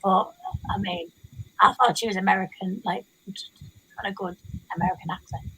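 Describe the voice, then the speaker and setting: Woman, stream guest, casual chat, hesitant, mid pitch. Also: moderate pace, pushed and bright, a little hiss or hum, low-quality recording. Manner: hesitant, with fillers.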